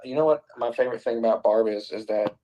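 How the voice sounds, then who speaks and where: A man's voice: on the low side, fast talker, mellow, rough recording. A man hosting a live-stream panel who chats in a laid-back way and swears casually. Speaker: host.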